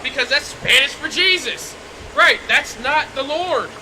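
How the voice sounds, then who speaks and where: High-voiced confrontational male street preacher. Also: lively intonation, a little slow, rough recording. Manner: loud, confrontational, rhetorical questions. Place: outdoors on a city street. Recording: street noise behind.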